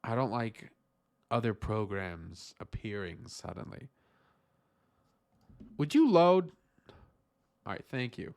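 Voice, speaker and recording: A man's voice: mid-range voice, big pitch swings, slow pace, long pauses, a little mellow. A man streaming his game development work, musing aloud to himself in a casual, self-mocking way. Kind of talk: casual livestream talk to himself.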